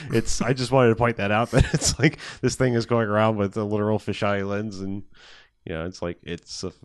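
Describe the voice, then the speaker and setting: A man's voice: fairly low pitch, steady tone, moderate pace, smooth, dry recording, clean studio sound. Rambling, swearing man recapping a movie. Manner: rambling, swears often, laughs while retelling. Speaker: podcast co-host. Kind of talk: casual movie recap chat.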